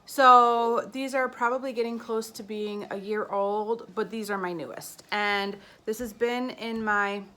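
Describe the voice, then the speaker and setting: A woman's voice: fairly high pitch, fairly even intonation, measured pace, few pauses, bright, forceful tone. A woman beauty vlogger giving a casual, chatty monthly favorites review, meandering and enthusiastic as she recommends products.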